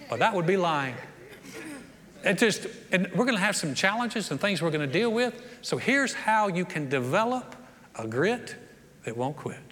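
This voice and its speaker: A man's voice: a little high, very animated, moderate pace, fairly bright tone. A man preaching a sermon in a folksy, storytelling way, acting out quotes from the people in his story. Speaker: pastor. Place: church sanctuary. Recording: long church reverb.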